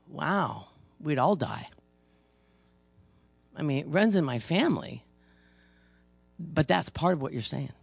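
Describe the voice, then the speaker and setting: A man's voice: fairly high pitch, lively intonation, slow pace, creaky, long pauses, slightly rough, no echo, soft background music. A man preaching in a conversational group talk, telling stories emphatically and often restarting his sentences. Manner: emphatic, storytelling, frequent restarts. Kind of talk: conversational ministry teaching.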